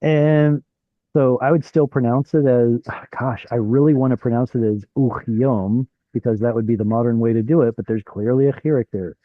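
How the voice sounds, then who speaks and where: A man's voice: medium pitch, steady tone, normal speed, no echo, narrow, tinny audio. A man teaching an online Hebrew class, explaining while thinking aloud and asking his students questions. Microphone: video call.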